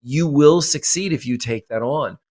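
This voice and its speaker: This man, a mindset coach on a podcast, delivers motivational interview talk with emphasis, repeating phrases to drive points home. He speaks at normal speed in a fairly high voice with a darkish tone.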